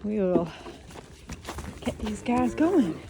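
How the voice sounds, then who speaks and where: Her mid-range voice swings widely in pitch and moves slowly, with background noise around her. She's a young farmer vlogger from the Upper Midwest, working outdoors among cattle, a little winded, chatting away and cooing to the animals in a playful sing-song.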